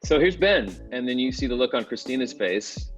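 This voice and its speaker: A man's voice: medium pitch, lively intonation, moderate pace, muffled recording, over music. A man, an actor, talking casually in an interview about his work, self-deprecating, laughing often and restarting his sentences.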